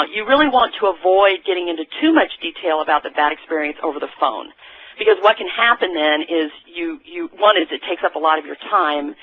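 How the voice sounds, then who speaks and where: A sales trainer talks through phone techniques in a loose, conversational way, often stopping and restarting mid-sentence. The recording is dull and lo-fi, and the voice sounds dry and close with no room echo. The pitch sits in a middle range. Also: slightly rough.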